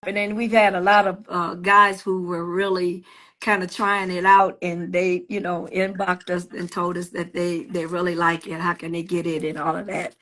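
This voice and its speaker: A woman in casual livestream chat who tells stories with animated quoted voices and laughs often. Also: fairly low pitch, normal speed. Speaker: guest, gospel singer and cosmetics entrepreneur. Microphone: video call.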